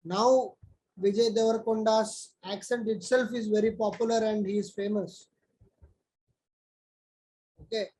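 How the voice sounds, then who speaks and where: A man's voice: high voice, steady tone, unhurried, pauses often, warm tone, poor audio. A man teaching an online class, talking conversationally and calling on students by name.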